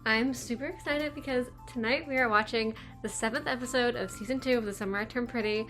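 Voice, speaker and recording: A woman's voice: on the high side, a little fast, a bit bright, faint music behind. A young adult woman giving casual blind reaction commentary on her channel, tired after a day at work, chatty and laughing often. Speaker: YouTube reaction vlogger.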